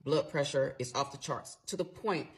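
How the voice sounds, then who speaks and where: A woman's voice: low-pitched, normal speed. A middle-aged woman telling a personal story in a casual monologue, emphatic and blunt, with some swearing. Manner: animated, emphatic retelling, blunt and profane.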